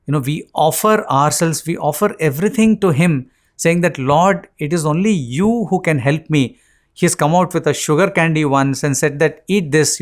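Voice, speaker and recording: A middle-aged man with an Indian English accent shares devotional memories in a talk. His voice sits slightly high, and his earnest storytelling is full of fillers and pauses. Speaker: satsang speaker.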